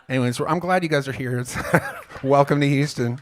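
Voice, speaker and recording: A man's voice: mid-range voice, brisk. A man who is a singer-songwriter, joking around between lines of a song on a venue stage, profane and self-mocking. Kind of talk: live concert banter and singing. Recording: live band playing behind.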